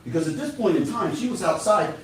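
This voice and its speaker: A man's voice: high-pitched, animated, fairly quick, slight background noise. Man, prosecutor, courtroom closing argument, emphatic, distant mic, heavy courtroom echo. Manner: emphatic, persuasive, addresses the jury directly. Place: large courtroom. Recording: echoey courtroom from far off.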